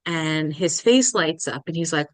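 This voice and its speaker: A young woman guest on a podcast, telling a personal story in a halting, emotional way and acting out the people she quotes. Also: sits low, expressive, dry recording. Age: young adult. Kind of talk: casual interview storytelling.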